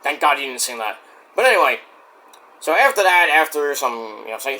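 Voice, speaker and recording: Animated man with a bright voice. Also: mid-range voice, moderate pace. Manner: rambling, animated, acts out quotes loudly. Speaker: wrestling show reviewer. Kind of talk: casual solo review.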